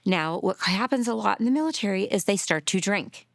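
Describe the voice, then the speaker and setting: A middle-aged mother mourning a loss shares her story for a documentary, speaking with earnest emotion and occasionally sinking into a soft near-whisper. She talks a little fast in an animated, gravelly, mid-range voice, recorded dry at studio quality.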